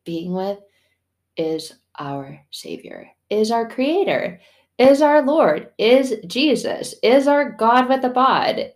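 A middle-aged woman talks through a casual faith podcast monologue. She is animated and chatty, and she often jumps into playful voices to act out little scenes. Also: medium pitch. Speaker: podcast host.

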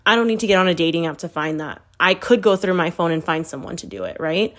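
A woman's voice: on the low side, fast talker, fairly bright tone. A woman in her thirties telling candid dating stories in a brash, profane, blunt way, acting out her own past words. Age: 30s. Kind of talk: candid storytelling chat.

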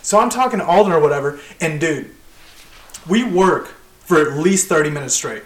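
A man's voice: fairly high pitch, moderate pace. A young man, a tradesman, telling a work story in a casual podcast chat, swearing freely and laughing as he talks. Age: young adult. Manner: profane, animated, laughing through the story. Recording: roomy echo.

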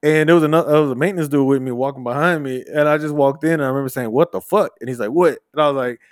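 A man's voice: a little high, rapid-fire, no echo, clean studio sound. A man co-hosting a podcast, telling stories in casual, profane chat. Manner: profane, animated storyteller. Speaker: podcast co-host.

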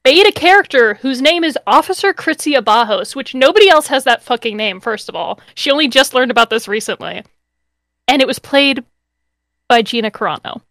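A woman co-hosting a casual podcast chat, telling an anecdote with quick asides. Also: sits high, animated, fairly bright tone, no room sound, studio quality. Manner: chatty storyteller, quick asides. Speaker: podcast co-host.

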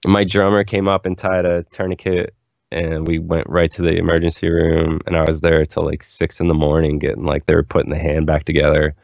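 A man's voice: a bass voice, level tone, a little fast, vocal fry, darkish tone, dry recording, lo-fi sound. A young man, a musician guest, telling stories in a candid, rambling way full of "like" fillers. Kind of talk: casual interview storytelling.

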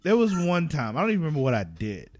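Animated, laughing man chatting on a podcast. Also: fairly high pitch, fast talker, dry recording. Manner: animated, laughs often, swears freely. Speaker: podcast co-host. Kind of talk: casual chat.

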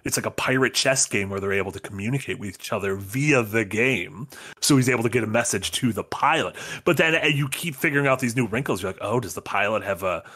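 A man's voice: lowish voice, fast, breathy edge. A man co-hosting a casual podcast, eagerly recapping a TV series with plenty of fillers. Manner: enthusiastic, animated recapping. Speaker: podcast co-host. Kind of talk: casual chat.

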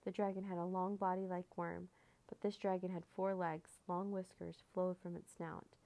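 Woman storyteller, low gravelly voice, children's book reading. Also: little pitch movement, normal speed, mellow.

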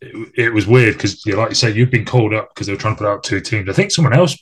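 Low-voiced friendly podcast host. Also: male voice, fast, husky. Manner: friendly, joking, self-deprecating. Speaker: podcast host, former teammate. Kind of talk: casual chat.

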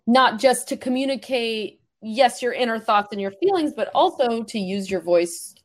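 A woman voice coach chatting on a podcast, animated and demonstrative, laughing often. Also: fairly high pitch, moderate pace. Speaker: voice coach guest. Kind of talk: casual podcast conversation.

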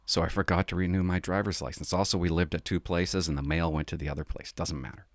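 A middle-aged man, a former police officer, telling a story from his work in a casual, animated way. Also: sits low, fast talker, dry recording. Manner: animated, acts out the people he quotes.

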